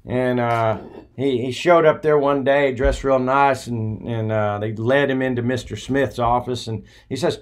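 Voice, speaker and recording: A man's voice: medium pitch, fairly even intonation, measured pace. A man hosting a talk show, telling a story in a casual, rambling monologue full of hesitations. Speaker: podcast host.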